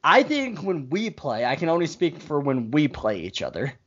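A slightly high-voiced man chatting casually and ribbing his co-host. He tells his stories with animated energy. The audio sounds dull and lo-fi. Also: moderate pace, slightly rough. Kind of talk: casual chat.

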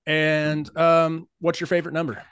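A man in his forties hosting a podcast, talking in a relaxed, rambling way and laughing easily with family and friends. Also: on the high side, moderate pace, clean tone. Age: 40s. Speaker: podcast host. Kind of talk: casual chat.

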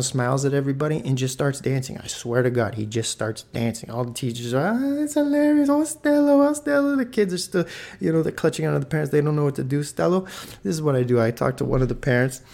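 A man in his thirties hosting a solo podcast, telling a rambling story with excitement and swearing freely. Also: medium pitch, creaky. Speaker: podcast host.

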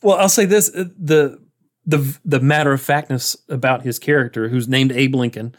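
A man's voice: medium pitch, fairly even intonation, normal speed. A man hosting a podcast in casual chat, retelling movie scenes in a rambling way and chuckling as he goes. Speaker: podcast host.

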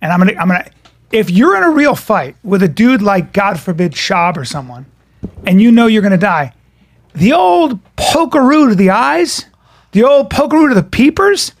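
Brief: higher-voiced man from New York, profane, rambling anecdote teller in a casual podcast. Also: normal speed, vocal fry. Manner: profane, animated storytelling with restarts.

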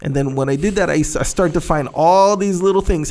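A man co-hosting a podcast, thinking out loud in a loose, rambling way with many restarts. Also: a little high, fairly quick, hardly any pauses. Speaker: podcast co-host. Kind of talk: casual podcast discussion.

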